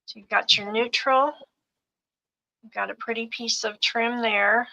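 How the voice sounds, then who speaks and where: Female co-host of a live craft sale: unhurried, bright tone, fondly itemizing each bundle. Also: on the high side, fairly even intonation, vocal fry, rough recording. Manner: gentle, fond, lists items piece by piece. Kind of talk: live sales show, describing fabric bundles.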